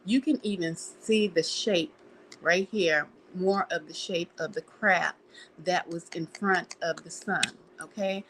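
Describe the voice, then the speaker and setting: A woman's voice: on the low side, slow, fairly bright tone, slight background noise, rough recording. A woman hosting a live stream, talking earnestly over photos, repeating words and checking in with "okay?" often. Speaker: channel host.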